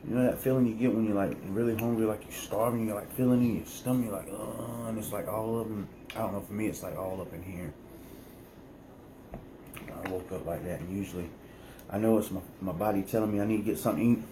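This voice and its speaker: A man's voice: lowish voice, steady tone, fast, background noise. A man chatting casually to viewers in a morning vlog at home, rambling and talking to his pets. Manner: laid-back, rambling, talks to his pets. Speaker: vlogger.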